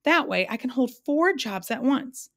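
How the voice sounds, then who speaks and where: A woman's voice: high voice, animated, a little slow, fairly bright tone, voice pushed up, heavily acted. A woman reading aloud and voicing a muddled, fussy middle-aged man in a storybook.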